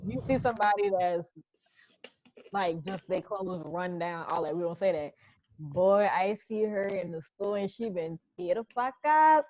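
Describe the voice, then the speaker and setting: A woman's voice: fairly low pitch, measured pace, slight background noise. A woman from Charleston with a Charleston accent, co-hosting a casual chat podcast and telling stories animatedly. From Charleston, South Carolina. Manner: animated storyteller, spells words out. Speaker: podcast co-host. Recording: dull lo-fi sound.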